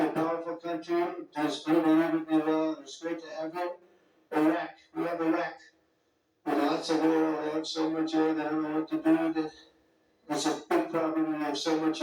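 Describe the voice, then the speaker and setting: A man's voice: fairly high pitch, a little mellow. A man giving a rambling, off-the-cuff speech as a political leader at a summit, full of digressions and superlatives. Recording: very echoey hall, distant mic, faint music.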